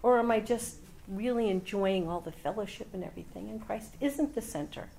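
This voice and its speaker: A woman's voice: medium pitch, a little fast, creaky, warm tone, a little hiss or hum. A woman sharing a personal reflection with a Bible study group, thoughtful and searching, with occasional ums as she questions herself. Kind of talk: personal testimony.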